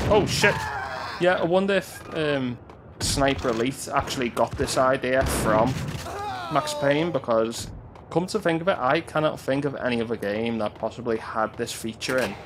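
Excitable gamer over gunfire. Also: male voice, medium pitch, noisy background. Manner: excitable, swearing, yelps and laughs at the action. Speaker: gameplay commentator. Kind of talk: let's-play commentary. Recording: game gunfire loud in the mix.

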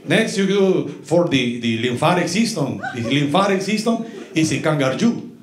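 A man voicing a pushy, excitable male fitness trainer who speaks in broken English. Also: a little high, normal speed, pitched below the performer's own voice. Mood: bossy. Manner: broken English, coaxing and insistent. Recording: echoey comedy club with crowd laughter.

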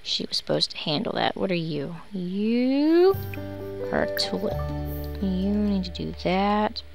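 A woman's voice: mid-range voice, very animated, slow, creaky. A woman giving casual, sarcastic commentary while playing a life-simulation game, grumbling at her characters. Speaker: let's play host. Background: background music.

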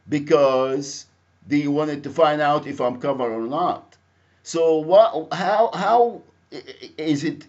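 Egyptian-accented male caller, loud and insistent, slightly high pitch, lo-fi phone sound. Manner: loud, insistent, repeats himself. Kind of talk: phone call complaint. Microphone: computer speakerphone via internet calling. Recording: lo-fi phone call recording.

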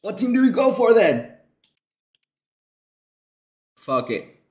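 Excitable young man yelling at a football game. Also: high-pitched, slow pace. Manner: excitable, swearing, joking, shouting at the game. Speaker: gaming streamer. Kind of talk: casual gameplay commentary.

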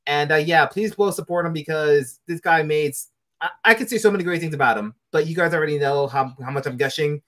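A man's voice: on the high side, a little fast, a bit bright. A young man hosting a podcast interview, eager, gushing and apologetic, wrapping up with his audience. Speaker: podcast host.

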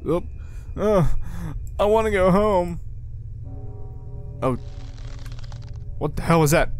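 A man's voice: high-pitched, slow pace, long pauses, faint music behind. A man hosting a horror let's-play, reading the game's lines aloud and reacting with jumpy exclamations and swearing. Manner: reads in-game lines aloud to himself. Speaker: gaming video host.

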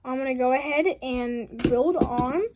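A woman's voice: high-pitched, fairly even intonation, a little slow, noisy background. A young woman casually talking through a model build on her channel, giggling often and rambling with frequent apologies. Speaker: hobby channel host.

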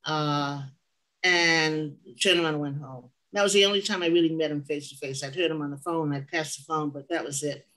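A woman's voice: low-pitched, fairly even intonation, a little fast, fairly bright tone, low-quality recording. An older woman sharing memories as an interview guest, rambling and digressing, often stopping to correct herself. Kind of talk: oral history storytelling.

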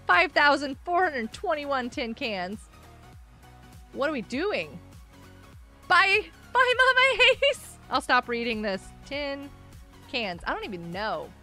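High-pitched, bright, and forceful, a woman's voice leads a casual gaming livestream. The host chats with viewers, reads their chat messages out, and giggles often.

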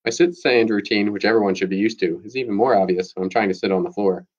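Low-voiced man reading a chapter book aloud. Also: quick pace, dull audio. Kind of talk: read-aloud storytelling.

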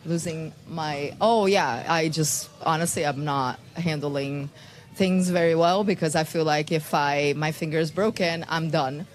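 Low-voiced woman in a halting interview. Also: steady tone, slight background noise. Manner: halting, emotional, repeats herself. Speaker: professional athlete in post-match interview. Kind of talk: candid post-match interview.

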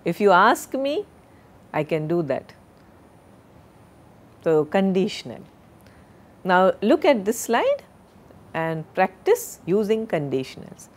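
Slow, deliberate woman lecturer. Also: medium pitch, very animated. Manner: slow, deliberate, drills word pronunciations. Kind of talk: recorded classroom lecture.

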